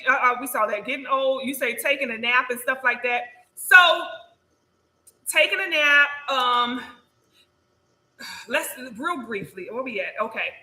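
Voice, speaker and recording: A woman's voice: on the high side, sharp tone, roomy sound, low-quality recording. A woman hosting a spiritual livestream, chatting casually and often checking in with "okay?" and laughing.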